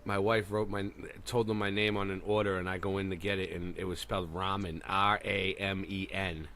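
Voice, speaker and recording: A man's voice: low-pitched, level tone, moderate pace, fairly bright tone, a little hiss or hum. A man with a strong Boston accent, a guest chatting casually and telling stories in an easygoing, rambling way. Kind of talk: casual podcast chat.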